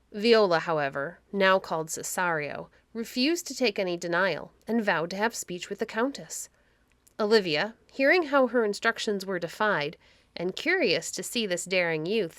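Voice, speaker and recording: A woman reading a classic story aloud for children in a gentle, measured storytelling voice, close to the microphone. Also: lowish voice, no echo.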